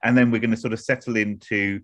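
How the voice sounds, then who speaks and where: A man's voice: fairly low pitch, level tone, fast talker, dry recording. A man with an English accent hosting an online academic evening, introducing speakers in a hesitant, self-deprecating way over a video call. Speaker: host of an online academic event. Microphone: computer mic on a video call.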